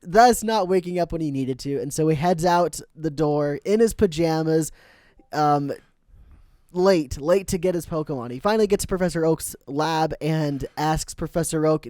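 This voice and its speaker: A man hosting a podcast, recapping cartoon episodes in casual, animated chat and laughing often. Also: fairly high pitch, normal speed, no echo, clean studio sound. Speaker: podcast host.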